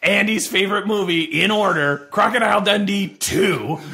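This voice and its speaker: Comedy host, male, gravelly and bright, teasing with sarcastic jabs. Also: sits high, moderate pace, slight background noise. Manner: teasing, sarcastic, laughs often. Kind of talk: improvised comedy chat.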